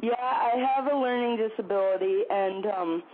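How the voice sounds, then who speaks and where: A young man calls in to a show over a tinny phone line with faint noise. His voice sits high and his pace is moderate, and he comes across easygoing and hesitant, with lots of fillers.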